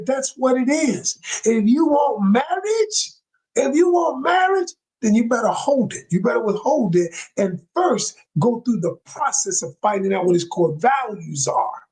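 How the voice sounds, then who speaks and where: A man's voice: high-pitched, a little mellow, breathy edge, poor audio. A man giving relationship advice in a live coaching talk to his viewers, emphatic and repeating key phrases, calling listeners y'all.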